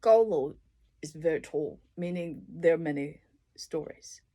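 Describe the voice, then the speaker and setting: In a slightly low, faintly husky voice, a language tutor slowly works her way through a dictionary. She's unhurried and casual, illustrating words with simple examples and slipping in soft asides now and then.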